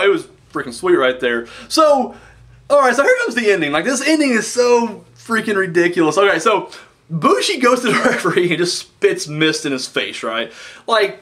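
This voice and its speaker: Young dude ranting about a wrestling show, bright voice, slightly high, swears a lot. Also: male voice, moderate pace. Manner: excitable, rambling, swears. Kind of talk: casual recap chat.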